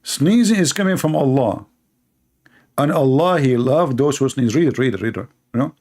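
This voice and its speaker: A man's voice: medium pitch, moderate pace, darkish tone. A man giving a sarcastic, mocking religious polemic in non-native English. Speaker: religious debater. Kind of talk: polemical monologue.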